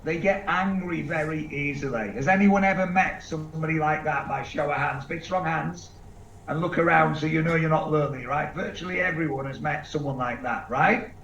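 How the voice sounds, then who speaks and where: A man giving an energetic seminar talk to a live audience, asking them questions and acting out quick voices. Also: a little high. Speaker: seminar speaker. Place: large event room with live audience. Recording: echoey room, distant mic, dull sound, faint background noise.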